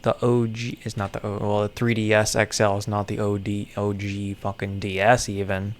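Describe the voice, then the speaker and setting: A content creator with a lowish, monotone voice mutters to himself at a moderate pace in casual solo commentary while puzzling something out. He's sarcastic and swears offhandedly.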